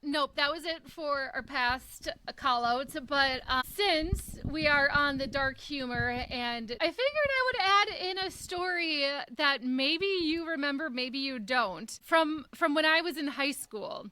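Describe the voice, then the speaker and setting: Woman, 30s, podcast co-host, casual storytelling, acts out dialogue, crisp bright tone. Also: high voice, animated, measured pace, few pauses, dry recording. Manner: laughs through stories, acts out dialogue.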